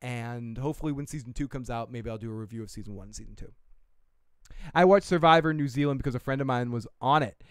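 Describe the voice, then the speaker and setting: A man's voice: medium pitch, fast talker, clean tone, no room sound, clean studio sound. A man hosting a casual livestream, rambling and profane, and laughing often. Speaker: show host. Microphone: desk mic.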